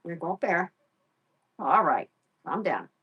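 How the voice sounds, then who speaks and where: A woman's voice: lowish voice, sing-song, takes it slowly, slightly rough, lo-fi sound. Woman sweet-talking her pet. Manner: soft baby talk to her pet, chatty with viewers. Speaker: pet livestream host. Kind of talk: casual live-stream chat.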